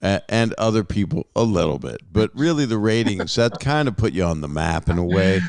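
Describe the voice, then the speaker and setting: Low-voiced podcast host, dry sound. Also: male voice, sing-song, a little fast, a little mellow, dry recording. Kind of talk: casual interview chat.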